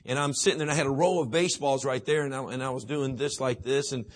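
A middle-aged man preaching a sermon in folksy storytelling, swinging from booming to hushed. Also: fairly even intonation, fast.

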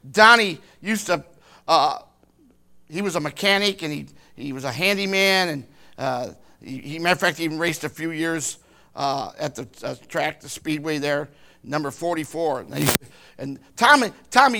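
An older man with a high, gravelly voice that has a sharp, bright edge. He tells a personal story as a grandfather, rambling and halting, often breaking off and starting his sentences again. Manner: rambling, halting speech with frequent restarts.

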